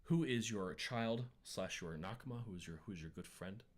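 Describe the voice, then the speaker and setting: A man's voice: fairly low pitch, moderate pace. A man co-hosting a casual podcast chat, rambling and ranting with lots of swearing. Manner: rambling, profane, emphatic rants. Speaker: podcast co-host.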